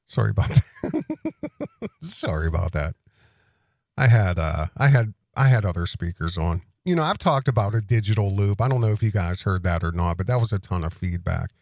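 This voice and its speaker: A man's voice: low voice, animated, gravelly, darkish tone, dry recording, clean studio sound. Exasperated, swearing male reaction host. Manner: exasperated, profane, halting. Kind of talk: casual reaction commentary.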